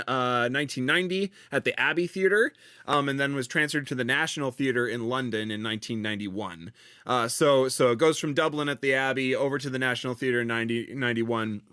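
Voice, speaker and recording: A man's voice: medium pitch, brisk, sharp tone, smooth, no room sound, studio quality. A man hosting a podcast, giving a background talk in a casual, hesitant way with many restarts. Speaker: podcast host.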